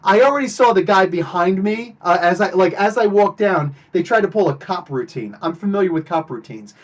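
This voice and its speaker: High-voiced man telling a story. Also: a little fast, muffled recording. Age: adult, married. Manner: animated, emphatic retelling of a confrontation. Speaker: podcast host. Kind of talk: casual storytelling on a live stream.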